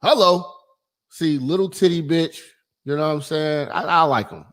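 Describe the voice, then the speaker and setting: A man hosting a call-in radio show, ranting loudly and crudely, rambling, swearing and often breaking into laughter. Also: a little high, normal speed.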